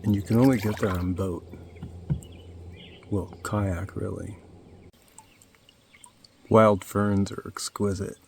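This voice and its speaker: A man's voice: fairly low pitch, normal speed, hardly any pauses, a little hiss or hum. Rambling man vlogging from a kayak. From Nevada. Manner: relaxed, rambling, easily awed by scenery. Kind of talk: casual outdoor vlog narration. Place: kayak on a lake outdoors.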